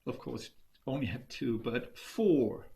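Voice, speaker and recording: A man telling a folk tale over a video call. His pitch is highly animated, and he moves between loud bursts and hushed passages for drama. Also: slow pace, creaky. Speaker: storyteller. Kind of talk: oral folk storytelling.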